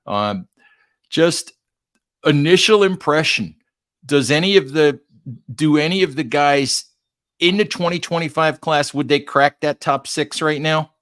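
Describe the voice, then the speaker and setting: A man's voice: a little high, measured pace, a bit bright. A man hosting an interview, asking questions in a conversational, wry way. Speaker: host, writer. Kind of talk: podcast interview.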